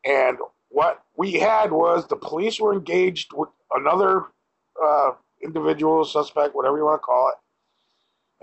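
A man's voice: fairly high pitch, measured pace, gravelly, a bit bright, husky, lo-fi sound. A man giving a blunt, profane opinion rant to camera as a vlogger.

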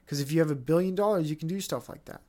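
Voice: mid-range voice, quick pace, warm tone. A podcast host in their thirties on a casual solo rant, rambling and swearing often with many restarts.

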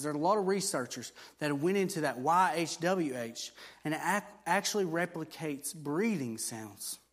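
A man's voice: on the high side, fairly bright tone. A man preaching a sermon, explaining things in a conversational teaching way with fillers and restarts, then building to emphatic repeated declarations.

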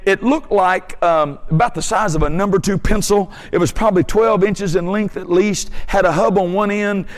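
A man's voice: sits high, long reverb tail. A man preaching a testimony sermon with fervent, emphatic storytelling.

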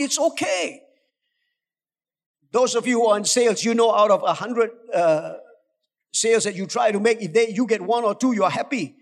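A man's voice: high-pitched, expressive, normal speed. A male pastor preaching a sermon, urging and coaxing his congregation with rising intensity. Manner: urgent, exhorting, rising to shouts, coaxing the congregation. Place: church hall. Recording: long hall reverb.

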